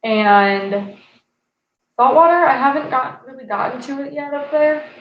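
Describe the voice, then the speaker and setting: A woman's voice: high-pitched, a little slow, slight background noise. Chatty young woman on an echoey live stream. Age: 20s. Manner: chatty, laughs at her own jokes. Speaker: fishing channel host. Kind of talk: casual live-stream chat reading viewer comments. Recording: echoey, slightly dull live-stream audio.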